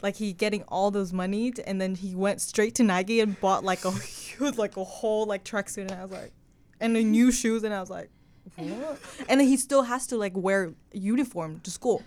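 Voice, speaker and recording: A woman's voice: mid-range voice, moderate pace, darkish tone. A young woman on a casual podcast, telling family stories with plenty of fillers. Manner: chatty storyteller, many fillers. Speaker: podcast co-host. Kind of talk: casual chat.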